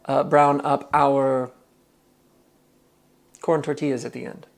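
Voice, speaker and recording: Here the cooking-stream host sounds slow and medium-pitched, with little pitch movement and some vocal fry, over a noisy background. In his home kitchen he chats casually, reads out the chat, and voices his thoughts as he cooks.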